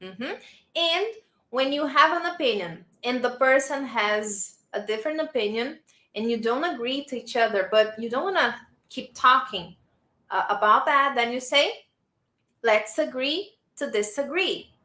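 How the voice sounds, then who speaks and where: A woman from Brazil with a Brazilian Portuguese accent, teaching a live online English lesson and warmly praising her learners. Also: on the high side, expressive, measured pace, reverberant. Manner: encouraging, praising learners often.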